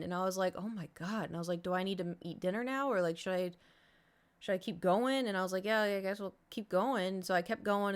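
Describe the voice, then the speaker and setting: A woman's voice: mid-range voice, clean tone. A woman streamer casually telling her chat a long story, acting out her own reactions along the way.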